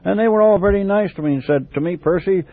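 A man's voice: sits high, fast talker, no room sound. An older man from England recounts his life for a home memoir tape, drifting off on tangents and circling back. The recording is dry and tinny, like a thin old cassette. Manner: rambling, digressive storytelling with restarts.

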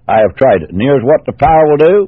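A man preaching a sermon, slow and drawn out, repeating his phrases. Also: medium pitch, lively intonation, breathy edge, dry recording, narrow, tinny audio.

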